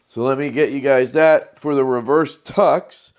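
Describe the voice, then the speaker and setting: The host of a knife channel runs a casual product showcase, chatting loosely and enthusiastically with plenty of fillers. He speaks a little slowly in a clear, resonant mid-range voice with steady tone.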